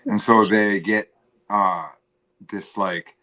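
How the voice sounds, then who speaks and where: Rambling low-voiced man on a stream. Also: steady tone, pushed and bright. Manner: rambling, halting, self-deprecating. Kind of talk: casual livestream chat.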